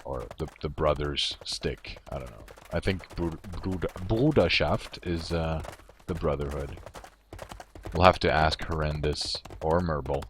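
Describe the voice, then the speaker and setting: A man's voice: extremely low pitch, measured pace, fairly bright tone, a little hiss or hum. A male game streamer giving casual commentary. He rambles and thinks aloud, often amused at himself.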